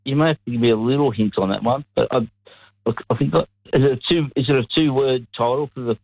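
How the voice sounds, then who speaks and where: A man's voice: medium pitch, fast, creaky, dry recording. An easygoing Australian man calling in to a radio quiz. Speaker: radio caller. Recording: tinny phone line.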